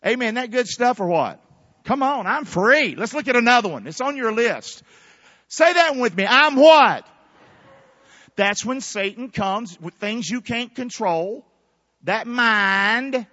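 A man preaching a fervent sermon in a church, shouting call-and-response lines to the congregation. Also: very high voice, expressive, measured pace, no echo, highs cut off. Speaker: pastor. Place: church sanctuary.

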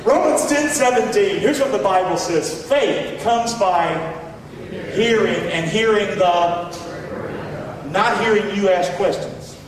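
A man with a Southern accent preaching a sermon in a folksy way, swinging between loud shouts and low asides. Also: slow pace, a crowd in the background. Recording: echoey hall, voice from far off.

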